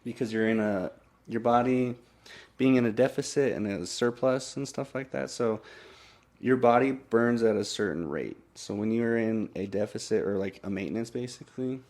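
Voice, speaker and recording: A man's voice: medium pitch, moderate pace, a little mellow. A man chatting casually as a podcast guest, laid-back, swearing often and trailing off mid-thought.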